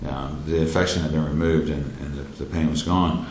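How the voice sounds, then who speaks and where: A man telling a personal story in a halting way, full of fillers and restarts, with loud quoted lines. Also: rumbling low, steady tone. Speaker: speaker telling his near-death experience. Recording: roomy echo, faint background noise.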